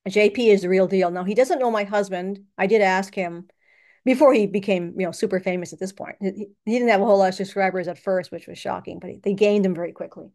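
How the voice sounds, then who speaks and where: A chatty woman talks to the camera in a loose, rambling personal monologue. She laughs often, and her voice sits at an ordinary middle pitch. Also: fast, darkish tone. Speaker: channel host.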